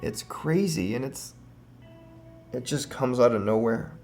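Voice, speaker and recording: A man hosting a paranormal spirit-box session, earnestly and gently calling out names and passing on messages. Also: medium pitch, unhurried, faint music behind.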